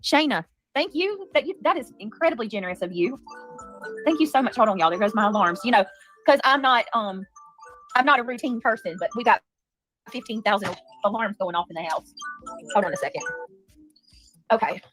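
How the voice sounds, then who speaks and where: Indignant woman livestream host, lively pitch. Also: faint music behind. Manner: indignant, defensive, rapid with many restarts. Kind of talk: heated livestream commentary. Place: home.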